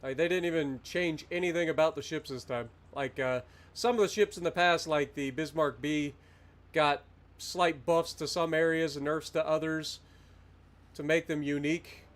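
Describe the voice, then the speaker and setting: A man's voice: a little high, fairly even intonation, normal speed. A man streaming a farming game, chatting casually with viewers while he plays. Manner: chatty, rambling, talks to chat while playing. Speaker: livestreamer. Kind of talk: casual gameplay commentary.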